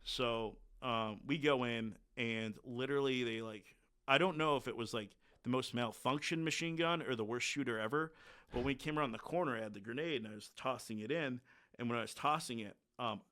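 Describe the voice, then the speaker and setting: A man at a middle pitch recounts combat as a podcast guest. He speaks casually and bluntly, with many filler words. His tone is frank and plain. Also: fairly quick, bright, forceful tone. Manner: blunt, candid war storytelling with frequent filler words. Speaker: podcast guest, military veteran. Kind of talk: casual conversational storytelling.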